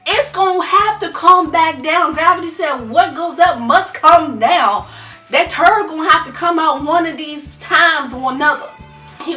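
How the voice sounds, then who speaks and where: A mother venting to her viewers, telling a comic story with animated, dramatic delivery. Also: high voice, roomy sound, distant mic. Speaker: mom vlogger.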